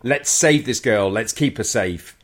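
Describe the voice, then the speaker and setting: A man in casual chat about a film, animated and playful, often adding tag questions. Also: on the low side, unhurried. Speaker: podcast co-host.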